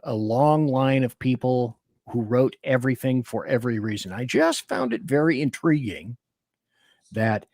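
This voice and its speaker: A man hosting a talk radio interview, animated and rambling, often cutting himself off and restarting. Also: mid-range voice, gravelly, dry recording, clean studio sound. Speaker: radio show host.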